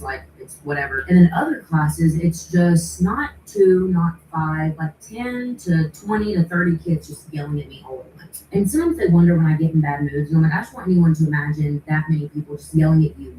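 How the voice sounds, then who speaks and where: A woman teacher vents fast and exasperated, her voice low and mellow. She sounds distant in a roomy, echoing space with faint noise behind. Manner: exasperated, rapid storytelling. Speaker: high school teacher. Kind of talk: venting to camera.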